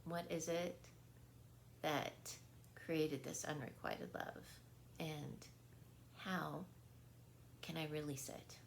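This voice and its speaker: A woman's voice: deep voice, steady tone, slow pace, gravelly, long pauses, slight background noise. A woman speaking as a wellness coach in an earnest, casual spiritual talk, often checking in with her listeners and laughing easily. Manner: earnest, repetitive, checks in with "right?".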